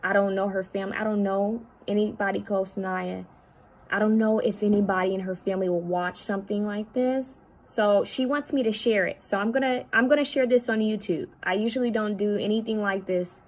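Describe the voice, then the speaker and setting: Woman, psychic medium, halting and repetitive, hushed at times, mid-pitched voice, at home. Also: fairly even intonation, poor audio. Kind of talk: spirit-channeling video monologue.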